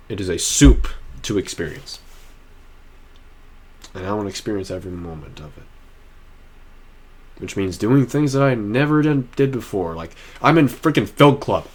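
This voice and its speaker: A young man talking to camera in a personal vlog, rambling and restarting often, earnest and emotional. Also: lowish voice. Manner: earnest and heartfelt. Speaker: vlogger.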